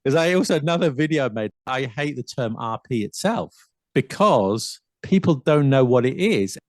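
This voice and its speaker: A man's voice: mid-range voice, lively intonation, normal speed, dry recording, clean studio sound. A man with a southern English accent and a touch of London, chatting animatedly about accents and mimicking them playfully. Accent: southern English, slight London. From south of England. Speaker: podcast host. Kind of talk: casual chat about accents.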